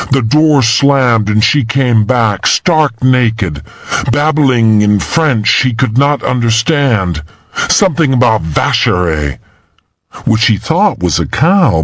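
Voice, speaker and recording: Male audiobook narrator, slow and dramatic. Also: no room sound, clean studio sound. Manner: dramatic and tense, pitch climbing in the frightening moments. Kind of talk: scripted thriller narration.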